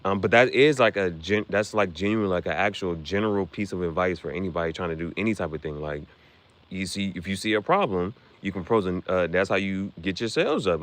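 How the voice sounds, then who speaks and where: A man's voice: sits low, lively intonation, a little fast, a bit bright, dry recording. A man chatting casually on a livestream about his shirt designs, rambling and slangy, jumping between topics. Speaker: streamer designing merch shirts.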